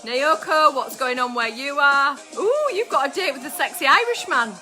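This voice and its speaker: Woman, live-stream host, high voice, exuberant, casual swearing, faint music behind. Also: expressive, normal speed, bright, forceful tone. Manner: exuberant, swears freely, sings along to music. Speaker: astrologer hosting a live stream. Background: music playing.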